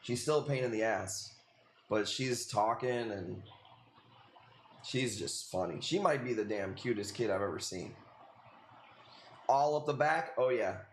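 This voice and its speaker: There's an echoey room and a faint hiss or hum behind this medium-pitched male livestream host in his late thirties. He pauses often at a measured pace while rambling through a story, cursing freely and saying "dude" all the time.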